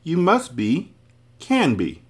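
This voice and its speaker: A man's voice: mid-range voice, huge pitch swings, moderate pace, a little mellow, pitched above the performer's own voice. A man voicing a curious, polite young boy in a storybook reading. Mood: earnest.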